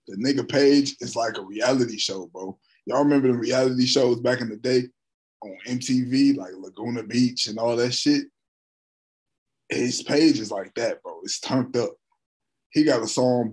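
A man in his thirties hosting a reaction video, talking in an excitable, slangy and profane way. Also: medium pitch, slightly rough, rough recording. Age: 30s. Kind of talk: casual reaction commentary.

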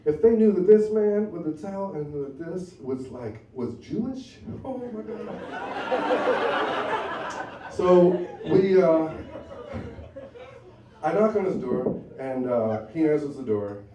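A man's voice: fairly high pitch, lively intonation, measured pace, highs cut off, over a noisy crowd. A man telling a true personal story live, in a wry, conversational way with asides. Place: bar venue with a live audience. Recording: roomy, from a distance, faint ambience.

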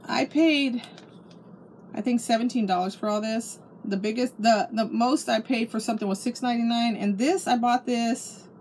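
A woman's voice: a little high, normal speed, darkish tone, a little hiss or hum. A middle-aged woman chatting casually at home about a craft haul, gushing and restarting her sentences. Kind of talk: casual show-and-tell chat.

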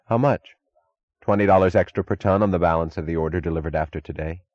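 A man voicing a cold steel magnate who bargains in an even, dryly mocking tone. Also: low voice, quick pace, no room sound, lo-fi sound, natural voice.

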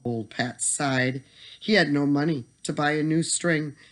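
A storyteller reading a bedtime story aloud in an expressive manner that slows for tension. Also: medium pitch.

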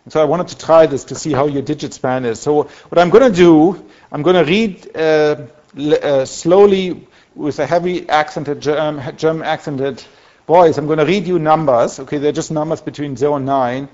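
Male lecturer, slightly high voice, casual, self-correcting delivery; dull, lo-fi lecture hall recording. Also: normal speed, a little mellow. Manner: conversational, many restarts and fillers, self-correcting. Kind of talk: university lecture.

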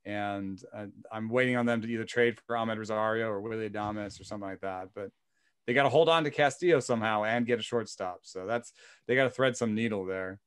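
A man's voice: lowish voice, a little fast, clean tone, dry recording. A man co-hosting a podcast, rambling casually about baseball with many "um"s and "uh"s. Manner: rambling, heavy on "um" and "uh", jokey. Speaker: podcast co-host.

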